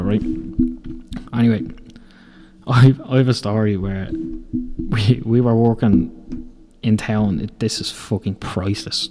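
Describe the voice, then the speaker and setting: A lowish, slightly mellow male voice belongs to a young Irish podcast host in his twenties. Casually, he tells rambling stories full of swearing from his time on building sites, laughing as he talks.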